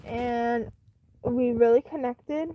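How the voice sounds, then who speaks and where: Rambling woman with a slightly high voice. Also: fairly even intonation, takes it slowly, heavy background noise. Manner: rambling, lots of fillers and restarts; chatty and candid. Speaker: live-stream host. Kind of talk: casual live-stream storytime.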